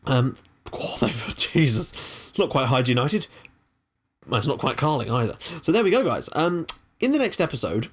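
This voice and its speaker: A man's voice: medium pitch, normal speed, slightly rough. Chatty man commentating a game. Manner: chatty, excitable, swears casually. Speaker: gaming channel host.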